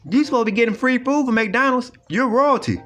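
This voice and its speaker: A man's voice: extremely high pitch, a little fast, fairly bright tone. A man ranting in a video commentary, profane and repetitive as he lectures emphatically. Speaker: online commentator.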